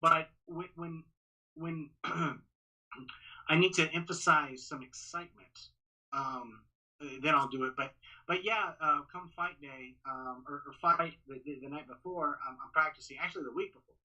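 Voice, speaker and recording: A man, a ring announcer, talking casually on a podcast in a halting way with many restarts. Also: on the high side, pushed and bright, low-quality recording. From Texas. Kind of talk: casual interview talk.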